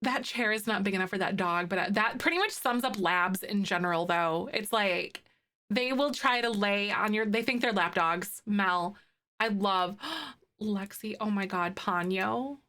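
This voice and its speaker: Speaking at a measured pace in a mid-range voice, this young woman live-streams in a relaxed, chatty way while going through comments from viewers. Pet pictures set her off, and she excitedly gushes and coos at each one.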